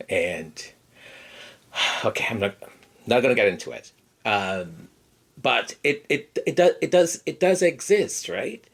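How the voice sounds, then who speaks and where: A podcast host giving casual personal commentary in an animated way, acting out quoted lines and dropping into quiet asides. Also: mid-range voice, unhurried, long pauses, husky.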